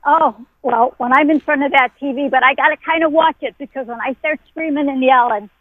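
Excitable woman caller, high voice, tinny phone line, dry sound. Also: fairly quick, dry recording. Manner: excitable, chatty. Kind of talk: casual call-in chat.

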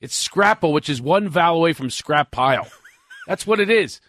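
A man's voice: on the high side, normal speed. A man from Philadelphia with a Philadelphia accent, a comedian guest on a studio talk show, telling jokes and stories in punchy bursts. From Philadelphia, USA. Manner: punchy joke-telling, animated storytelling. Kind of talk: studio chat with comic stories.

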